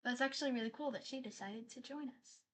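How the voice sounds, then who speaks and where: A woman streamer talking to her live chat in a loose, casual way. Her voice sits a bit high for a woman, and she keeps apologizing and reading viewers' messages out loud. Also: quick pace. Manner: chatty, apologetic, reads chat aloud.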